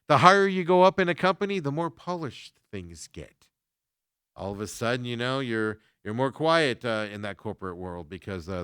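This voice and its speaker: A man's voice: fairly low pitch, fairly bright tone, clean tone, no echo, clean studio sound. A man hosting a sports talk show, chatting casually with lots of fillers as he reacts to viewer comments.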